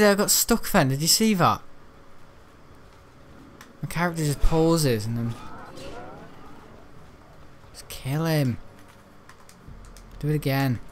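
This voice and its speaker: A man casually commenting on his gameplay, going from muttered asides to sudden excited shouts and laughs. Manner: excitable, bursts into high shouts and laughs at the game.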